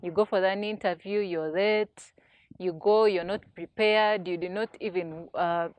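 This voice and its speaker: A woman's voice: medium pitch, steady tone, unhurried. A woman co-hosting a casual panel chat, telling a story candidly and laughing at herself. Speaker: podcast co-host.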